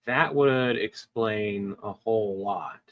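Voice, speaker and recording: A man hosting a stream casually talks through editing audio, thinking out loud with plenty of ums. He's a video editor with a lowish voice and a slow pace, and the sound has phone quality.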